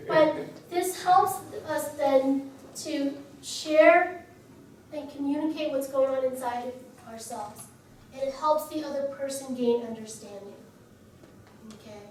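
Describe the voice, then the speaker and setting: High-voiced woman in her 40s explaining things at a church workshop, earnest, far off in a big echoey room. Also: a little slow, a little hiss or hum. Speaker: marriage workshop leader. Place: church hall.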